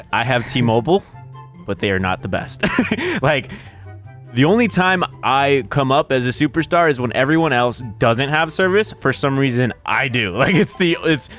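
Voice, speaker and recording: A man's voice: mid-range voice, expressive, normal speed, fairly bright tone, soft background music. A young man co-hosting a podcast in a laid-back, slangy way, laughing often. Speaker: podcast co-host. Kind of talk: casual chat.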